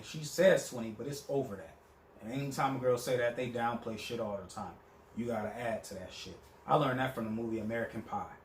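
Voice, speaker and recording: A man's voice: medium pitch, brisk, reverberant, a little hiss or hum. A young man telling a story in a casual, profane monologue, acting out the people he quotes. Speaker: vlogger.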